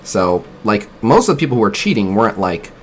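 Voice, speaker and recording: A man's voice: on the low side, very animated, a little fast, slight background noise. A man streaming a mobile game, rambling casually to his chat and a voice-chat guest, swearing freely. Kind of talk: casual live-stream commentary.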